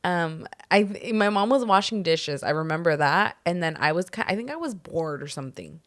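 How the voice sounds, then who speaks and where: A woman's voice: on the low side, expressive, normal speed, no room sound. Dry-voiced young woman telling stories. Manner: storytelling, swears freely, acts out quotes. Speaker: podcast co-host. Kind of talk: casual chat.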